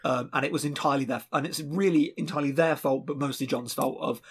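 A man with a husky voice chatting casually about a film, animated and laughing often, with many restarts. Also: mid-range voice, fast talker.

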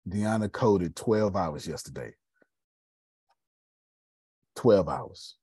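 A husky, low-voiced man hosts a casual group conversation. His delivery is animated and preachy, full of slang, with lively pitch swings. The sound is dry and close. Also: normal speed, no echo. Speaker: host.

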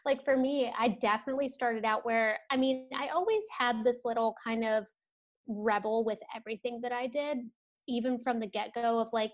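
Female interview guest: loose, rambling, slightly high-pitched. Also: moderate pace, muffled recording. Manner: relaxed, rambling, fillers, little laughs. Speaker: business coach guest. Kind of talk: casual interview chat.

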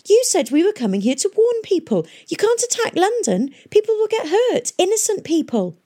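A woman reading an audiobook, voicing a hot-headed teenage boy who shouts in outrage. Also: very high-pitched, very animated, moderate pace, pitched above the performer's own voice. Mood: outraged. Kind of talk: audiobook character voice.

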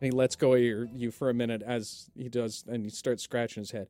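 A man running a tabletop game as game master, relaxed with many fillers. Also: medium pitch, brisk, no room sound. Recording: dry, with faint music.

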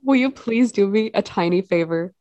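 A woman's voice: mid-range voice, moderate pace, mellow, no room sound, lo-fi sound. A woman who hosts a podcast, chatting casually on a video call, bubbly and giggly. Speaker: podcast host.

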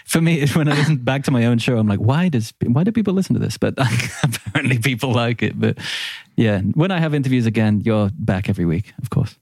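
A man's voice: mid-range voice, lively intonation, fairly quick, vocal fry, hardly any pauses, darkish tone, breathy edge, no room sound, studio quality. A man with an English accent, a podcast guest in casual chat, joking and laughing often.

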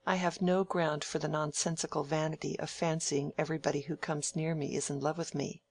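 A reader voicing a sharp-witted young woman, frank and teasing, in brisk, crisp audiobook dialogue with mild scolding. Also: mid-range voice, flat delivery, lightly acted. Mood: indignant.

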